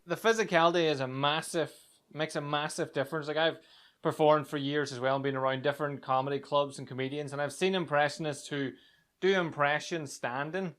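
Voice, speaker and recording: A man with an Irish accent hosting a podcast interview, talking in a relaxed, chatty way and laughing easily. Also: a little high, brisk, clean tone. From Ireland. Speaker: podcast host. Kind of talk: casual interview chat.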